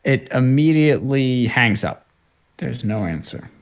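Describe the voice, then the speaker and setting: Male game master, casual rambling narrator, middle pitch, lots of ums. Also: lively intonation, a little slow. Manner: rambling, many fillers and restarts. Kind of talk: narrating a tabletop game over a call.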